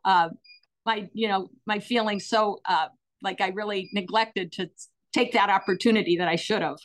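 A middle-aged woman, a guest telling personal stories in an interview, earnest and animated with frequent fillers. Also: medium pitch, normal speed. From United States.

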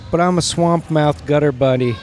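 Male co-host, slightly high voice, mischievous absurd banter, courtside. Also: moderate pace, a little mellow. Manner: mischievous, absurd, self-mocking. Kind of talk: joking banter. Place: courtside in a warm gym.

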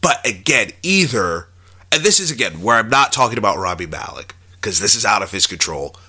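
A man talking casually about a movie, joking and acting out quick quotes. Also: on the low side, breathy edge. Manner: animated, jokey, acts out quotes. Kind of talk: casual movie review chat.

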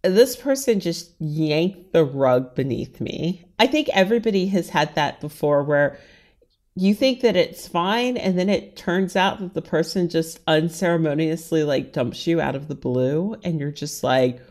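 A woman from the Washington, D.C. area speaks as a guest in an interview, in a slightly low voice. She talks openly and casually about her own life and fills her sentences with "like.". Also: animated, unhurried, a little mellow. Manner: frank, chatty, heavy use of "like". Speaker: interview guest, writer and stylist. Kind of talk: candid personal interview conversation.

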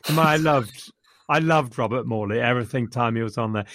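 A man's voice: medium pitch, brisk, fairly bright tone, dry recording. Enthusiastic rambling man, dry sound. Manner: enthusiastic, rambling, quotes lines. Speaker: podcast co-host reviewing a film. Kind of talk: casual chat.

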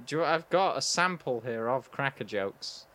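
Dry, deadpan man reading jokes. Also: medium pitch, moderate pace. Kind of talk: casual comedic chat.

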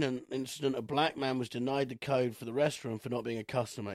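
A man's voice: medium pitch, a little mellow, no echo. Wry man, dry close sound. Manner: wry, laughs often, swears casually. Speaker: podcast co-host. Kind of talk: casual comedic chat.

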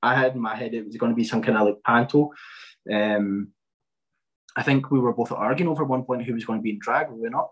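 A man's voice: mid-range voice, steady tone, brisk, a bit bright, low-quality recording. A young man in his twenties, a podcast guest chatting casually, with many fillers and restarts. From Scotland. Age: 20s. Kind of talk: casual chat.

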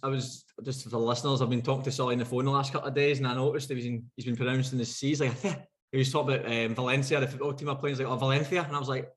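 Man, podcast co-host, rapid speech, teasing banter, casual. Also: medium pitch, little pitch movement. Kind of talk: casual chat.

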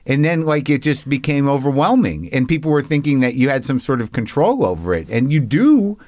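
Male host, mid-pitched, casual and searching, lots of "yeah"s and restarts; dry close mic. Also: very animated, a little mellow, no echo. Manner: frequent short affirmations, halting follow-up questions. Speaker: interviewer. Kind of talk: casual interview chat.

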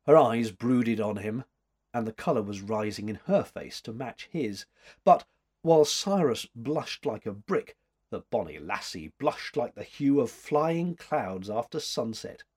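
A man narrating an old-fashioned story aloud in a measured, expressive way. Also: medium pitch, slightly rough. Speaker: audiobook narrator.

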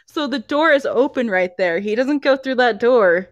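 A woman's voice: a little high, expressive, normal speed, no room sound, dull audio. A young woman co-hosting a podcast, chatting casually and laughing often as she talks. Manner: giggly, laughs often while talking. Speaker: podcast co-host. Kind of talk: casual chat.

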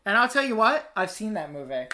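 A podcast co-host in casual chat, joking and chatty with quick asides. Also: mid-range voice, sing-song, bright, forceful tone.

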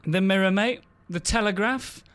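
Animated English man telling stories. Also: high-pitched, normal speed. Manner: animated storyteller, laughs through his stories, swears freely. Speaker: comedian and podcast co-host. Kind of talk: casual anecdote-telling chat.

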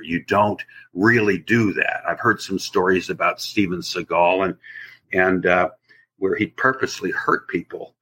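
A man, an actor guest on an interview show, telling a rambling, animated anecdote in casual chat. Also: low voice, slightly rough.

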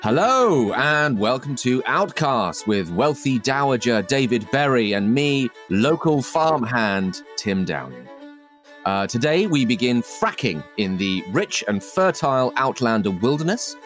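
A man's voice: medium pitch, big pitch swings, a little slow, fairly bright tone, soft background music. A man co-hosting a comic podcast, making playful, mock-grand introductions. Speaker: podcast co-host.

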